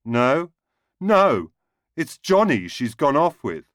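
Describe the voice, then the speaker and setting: A man's voice: lowish voice, animated, slow pace, no echo, clean studio sound. A man voicing a distraught middle-aged man who blubbers and sobs, his voice breaking upward.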